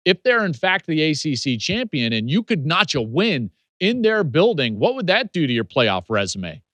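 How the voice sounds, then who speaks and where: A man's voice: a little high, sing-song, normal speed, a bit bright, no room sound. A man with an American accent hosting a solo sports analysis podcast, delivering emphatic, punchy points with repeated rhetorical questions. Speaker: podcast host and football analyst.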